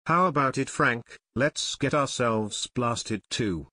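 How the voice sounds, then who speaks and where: A man's voice: medium pitch, slow, bright, forceful tone, dry recording, clean studio sound. A man voicing an eager, joking teenage boy detective in an audiobook. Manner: joshing, eager.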